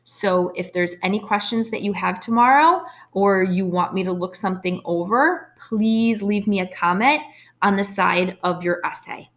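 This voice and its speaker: A woman's voice: mid-range voice, normal speed, a bit bright. A woman teacher recording an online writing lesson for her class, speaking patiently and encouragingly with frequent ums and okays.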